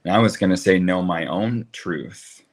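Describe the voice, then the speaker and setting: A man's voice: sits low, moderate pace. A man co-hosting a casual chat, laughing easily and restarting his sentences. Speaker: podcast co-host, son.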